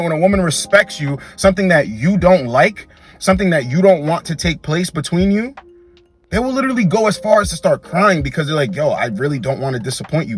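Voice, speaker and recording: Guy ranting dating advice, kinda high voice, slangy and repetitive, faint music under it. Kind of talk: monologue.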